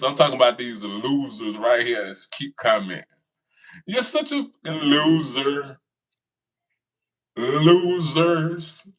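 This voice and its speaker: A man's voice: mid-range voice, a bit bright. A man, taunting and laughing as he reads viewer comments in casual commentary. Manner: mocking, laughs often, taunting the audience. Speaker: commentary streamer reading comments.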